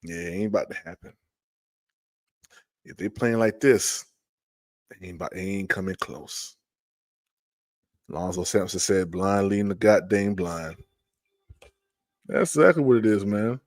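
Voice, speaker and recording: Exasperated animated man, dry close mic. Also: fairly low pitch, normal speed, pauses often, no room sound. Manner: exasperated, animated, talks back to chat. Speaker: podcast host. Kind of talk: casual livestream sports chat.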